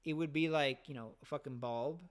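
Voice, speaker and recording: A man's voice: fairly high pitch, brisk. A man hosting a podcast, telling rambling stories in casual chat, swearing freely. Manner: rambling, profane storytelling. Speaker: podcast host.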